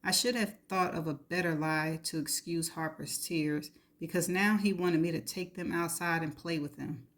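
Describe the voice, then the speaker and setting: A woman's voice: sits low, fairly even intonation, normal speed, hardly any pauses. Woman reading a novel aloud. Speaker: reader.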